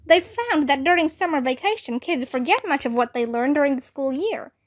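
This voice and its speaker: A woman's voice: high voice, animated, a little fast. Woman voicing a strict ghost teacher man.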